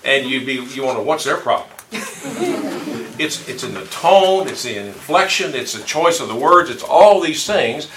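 Brief: bright-voiced man leading a church Bible class, chatty and folksy, heard from a distance in a roomy hall. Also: fairly high pitch, very animated, a little slow. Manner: conversational, folksy, with rhetorical questions. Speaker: Bible study teacher. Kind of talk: informal Bible class teaching. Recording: roomy distant room mic, faint noise.

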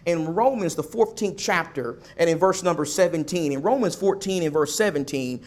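High-voiced preacher building emphatic repetitions. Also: male voice, normal speed. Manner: swings between loud pushes and soft asides. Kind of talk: sermon.

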